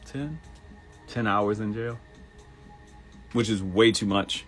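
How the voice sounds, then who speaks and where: A man in his thirties hosting a live motivational talk show, animated and laughing, who mimics people in high voices. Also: takes it slowly, faint music behind. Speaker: host.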